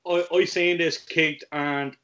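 A man's voice: fairly high pitch, steady tone, slow pace, a bit bright. A man with an Irish accent co-hosting a football vlog, passionate and fuming, repeating himself. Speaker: vlog co-host. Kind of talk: casual football chat.

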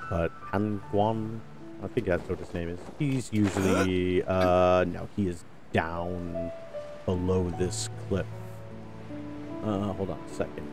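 Low-voiced guy slowly narrating his game, keeps forgetting stuff, faint music behind. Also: flat delivery. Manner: rambling, forgetful, self-correcting. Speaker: game video host. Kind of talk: gameplay commentary.

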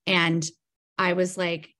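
Woman guest, lower register, chatty storyteller who keeps saying "like" and mimics what people said. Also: slow. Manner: animated storyteller who acts out quoted dialogue and leans on "like". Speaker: podcast guest. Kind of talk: casual storytelling interview.

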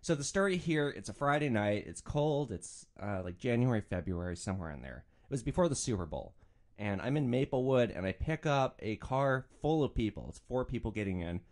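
A man's voice: mid-range voice, big pitch swings, brisk, darkish tone. A man in his twenties hosting a podcast, telling rideshare stories in a casual, profane, joking way. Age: 20s. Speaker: podcast host and rideshare driver. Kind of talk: casual storytelling.

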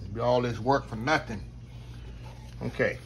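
A cooking show host, a man with a medium-pitched voice, runs a casual cooking demonstration at a normal speed over background noise. His style is folksy, he speaks directly to his viewers, and he says "y'all" constantly.

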